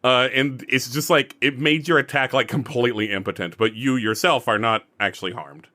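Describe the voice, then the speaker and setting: Bright-voiced rambling game master, a man. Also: medium pitch, a little fast. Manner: loose and rambling, full of "like". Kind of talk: narrating a tabletop game.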